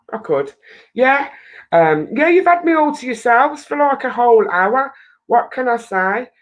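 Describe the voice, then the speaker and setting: A woman's voice: medium pitch, fairly bright tone, rough recording. A woman hosting a charity live stream, chatting loosely to viewers, rambling and laughing often into her webcam.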